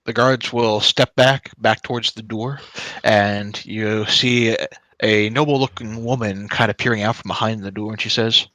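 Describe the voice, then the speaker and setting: A man's voice: lowish voice, fairly even intonation, moderate pace, sharp tone, no echo, poor audio. A man narrating a tabletop game as game master, in a loose, casual way with frequent fillers.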